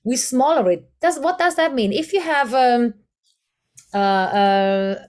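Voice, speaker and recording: A woman's voice: fairly high pitch, lively intonation, slow pace, a little mellow. A woman with a German accent teaching a voice workshop, searching for English words and demonstrating vocal exercises. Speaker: voice coach.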